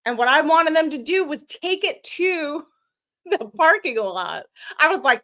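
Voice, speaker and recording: A woman co-hosts a podcast in loose, casual chat, teasing her partner and breaking into laughter. Her voice sits high and bright, swinging widely in pitch. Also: expressive, unhurried. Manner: playful, teasing, exclaims and laughs often. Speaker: podcast co-host.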